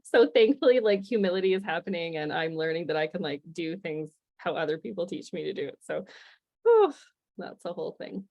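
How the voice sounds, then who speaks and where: A woman's voice: lowish voice, fast talker, vocal fry, few pauses, highs cut off. A woman in her forties presenting an informal webinar over a video call, chatty and upbeat, often laughing. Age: 40s. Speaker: guest presenter.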